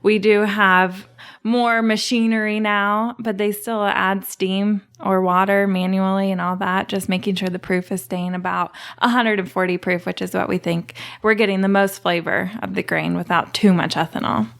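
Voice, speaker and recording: A woman's voice: mid-range voice, level tone, normal speed, vocal fry, a bit bright. Woman explaining whiskey distilling. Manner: explanatory, laughs easily. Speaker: distillery guest. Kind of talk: casual podcast interview.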